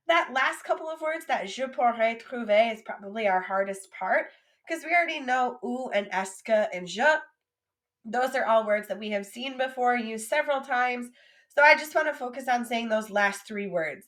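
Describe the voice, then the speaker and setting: A woman teaching French vocabulary, modeling each word slowly and clearly, repeating it for students to say after her. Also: fairly high pitch, a bit bright.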